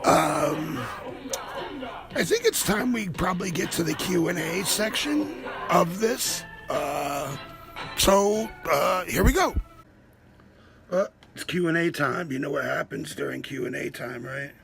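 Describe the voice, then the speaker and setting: A man's voice: a little high, animated, slow pace, creaky, over music. A man hosting a comedy show, rambling through a profane, offhand monologue. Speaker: host.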